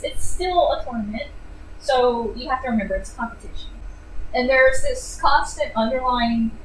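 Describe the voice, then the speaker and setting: Chatty woman reviewing books in an echoey room. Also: on the high side. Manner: animated and sarcastic, with frequent fillers. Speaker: book reviewer. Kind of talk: casual book review chat. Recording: echoey room, distant mic, faint noise.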